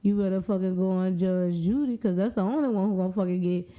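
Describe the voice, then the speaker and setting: A woman's voice: mid-range voice, fairly even intonation, fast talker, phone-quality sound. Profane joking New woman. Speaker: podcast co-host. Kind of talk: casual chat.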